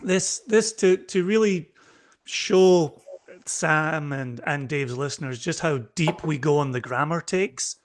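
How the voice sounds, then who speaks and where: A man with a fairly high voice speaks slowly as a guest on a podcast. In this casual chat, he playfully teases his friend by telling stories about him.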